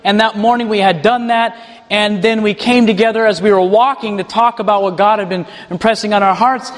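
A man who leads a ministry tells a personal testimony in an animated way and chuckles as he goes. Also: high-pitched, brisk, big-room sound. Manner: animated, chuckles while telling stories. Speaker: ministry leader.

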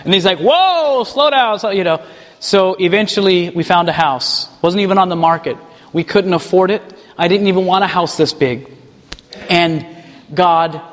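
A man who leads a ministry tells a personal testimony in an animated way and chuckles as he goes. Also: high-pitched, in a large hall. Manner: animated, chuckles while telling stories. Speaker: ministry leader.

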